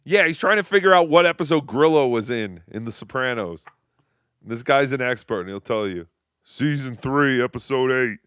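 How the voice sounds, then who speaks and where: Podcast co-host, male, sarcastic and mocking, animated and sharp. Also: medium pitch, normal speed, clean tone, no echo, studio quality. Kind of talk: casual banter.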